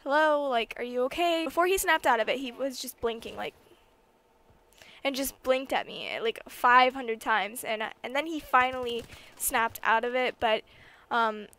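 A young woman vlogger telling a story from her bedroom in casual chat, with lots of fillers and excited emphasis. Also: a little high, unhurried.

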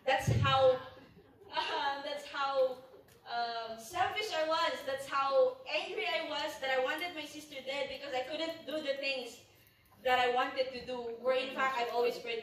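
A woman's voice: sits high, steady tone, a little slow, fairly bright tone, slight background noise. A Filipino-accented woman giving an earnest, confessional personal testimony at a youth retreat, searching for words as she speaks. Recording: echoey hall, mic far off.

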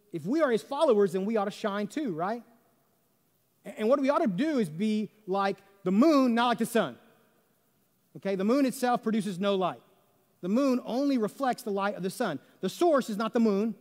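High-voiced preacher in a reverberant hall. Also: male voice, expressive, normal speed, a little mellow. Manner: conversational preaching with rhetorical questions and Southern "y'all". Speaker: pastor. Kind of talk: sermon. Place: church sanctuary under stage lights.

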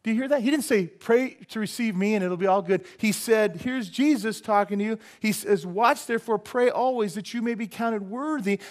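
A male pastor preaching a sermon in a church, animated and joking, asking the congregation rhetorical questions. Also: sits high, normal speed, hardly any pauses. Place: church sanctuary.

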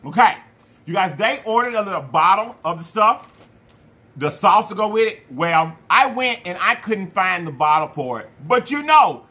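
A man hosting a food challenge vlog, talking to viewers in an animated, playful way with slang and drawn-out hype calls. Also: sits high. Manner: slang-heavy, addresses viewers as y'all. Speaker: mukbang channel host. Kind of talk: casual vlog talk to viewers.

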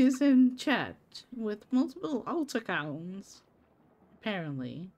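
A woman's voice: mid-range voice, very animated, slow, darkish tone. A woman streaming a game, chatting casually with her viewers by name and laughing often. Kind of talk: casual live-stream chat while gaming.

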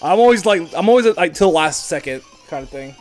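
A young man with a high voice chats through a video game playthrough in relaxed, halting banter. Faint background music sits under his voice. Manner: laid-back, hesitant, laughing banter. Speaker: gaming co-host. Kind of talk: casual Let's Play commentary.

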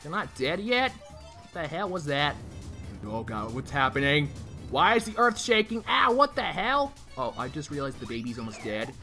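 A man gives crude, joking commentary while playing a game blind, his bright voice leaping all over the place. He swears freely and mock-taunts the enemies. Faint game music plays underneath. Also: fairly high pitch, very animated, normal speed. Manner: crude, joking, trash-talking, swears a lot. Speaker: let's play gamer.

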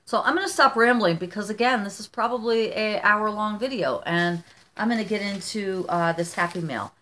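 A woman's voice: medium pitch, moderate pace, a bit bright. A middle-aged woman from the United States chatting casually on her vlog as she opens fan mail, gushing and rambling with many restarts. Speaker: vlogger.

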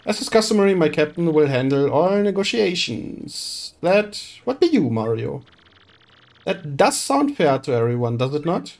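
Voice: medium pitch, very animated, moderate pace, a little mellow. A streamer reading game dialogue aloud and voicing a pompous, flamboyant rich merchant with grand, theatrical delivery. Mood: grandiose.

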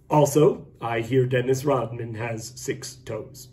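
A man co-anchoring a mock news show, reading absurd headlines deadpan. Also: mid-range voice, takes it slowly, few pauses. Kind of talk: scripted comedy news reading.

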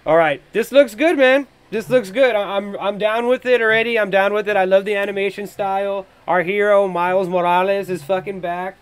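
A man hosting a podcast, reacting casually to a movie trailer. He thinks out loud, gets excitable and swears constantly. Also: sits high, fairly quick, few pauses, clear, resonant tone. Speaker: podcast host.

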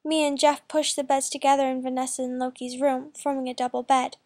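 A woman reading a first-person fan fiction story aloud in a plain, quick way. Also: high-pitched, little pitch movement, darkish tone. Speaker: story reader.

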